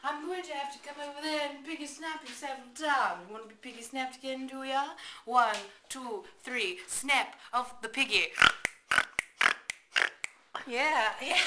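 A woman's voice: high-pitched, bright, forceful tone. A woman giving a playful, teasing home video monologue with mock-bossy asides. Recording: echoey room with faint noise.

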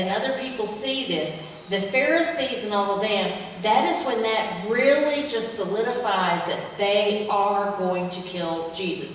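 A woman teaching a Bible passage during a church service, chatty and enthusiastic, with plenty of fillers. She is heard from a distance in a big echoing hall with a long reverb and faint room noise. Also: medium pitch. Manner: conversational and enthusiastic, with many fillers. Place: church sanctuary. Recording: echoey hall from far off.

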